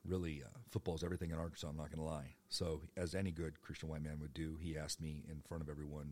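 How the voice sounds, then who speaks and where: Deep husky man telling his life story. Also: flat delivery, fast, hardly any pauses, a little mellow. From United States. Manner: rambling, joking, profane. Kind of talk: personal storytelling monologue.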